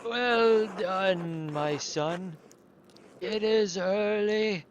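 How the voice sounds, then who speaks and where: A man voicing a kindly elderly monk who speaks softly and slowly in a raised voice. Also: sits high, dull audio, a little hiss or hum, pitched above the performer's own voice.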